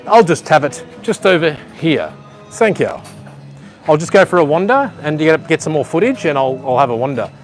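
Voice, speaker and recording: Soft music plays behind a man whose fairly high voice has a sing-song lilt and a moderate pace. He's a livestream vlogger giving a meandering walking tour of an outdoor beach resort pool, talking to home viewers through a handheld phone camera.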